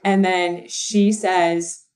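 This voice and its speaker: A woman's voice: lowish voice, fairly even intonation, drawn-out words, a loud crowd. A young adult woman, a podcast guest, chatting casually and telling a story with lots of fillers and laughter. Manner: giggly, rambling storyteller with many fillers. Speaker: guest, assistant and content writer. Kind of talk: casual interview chat.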